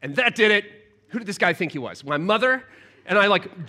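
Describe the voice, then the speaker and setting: A man gives a chatty, self-deprecating sermon in church, often asking the congregation questions as he tells a story from his own life. His voice is bright and a little high. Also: very animated, fairly quick. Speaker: preacher.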